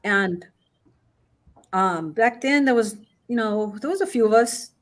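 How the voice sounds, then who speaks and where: A woman's voice: on the high side, animated, measured pace. A middle-aged woman guest in casual chat, telling a long story with many restarts and fillers. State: has the hiccups.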